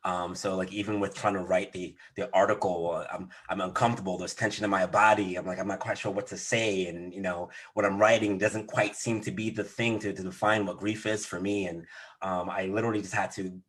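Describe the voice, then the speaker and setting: Man, low husky voice, soft-spoken and hesitant. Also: flat delivery. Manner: soft-spoken, halting, searching for words. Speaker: coach and article writer. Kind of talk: casual video-call discussion.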